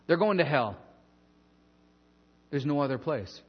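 A pastor preaching a sermon in a church in a conversational, animated way, with asides and bits of humor. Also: male voice, a little high, moderate pace, pauses often, breathy edge, big-room sound, muffled recording.

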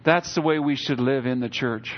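A man's voice: medium pitch, normal speed, dull audio. A middle-aged man preaching a sermon as a pastor, in a conversational way, and acting out little quotes as he goes.

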